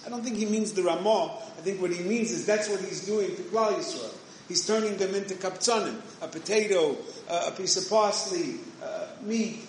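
A man giving a conversational Torah lecture, full of restarts and Hebrew and Yiddish terms. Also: high-pitched. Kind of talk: yeshivish Torah shiur. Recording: very echoey room, faint noise.

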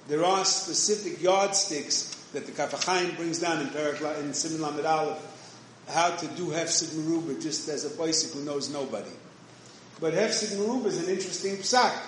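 Man giving a Torah shiur in an echoey room. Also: fairly high pitch. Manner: conversational, mixes Yiddish and Hebrew terms, many restarts. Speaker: Torah lecturer. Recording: very echoey room, faint noise.

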